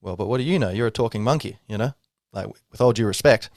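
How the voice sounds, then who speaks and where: Speaking quickly in a darkish, lowish voice, a male podcast host muses his way through a spiritual reflection, casual and rambling, with wry asides along the way. The sound is studio quality and echo-free.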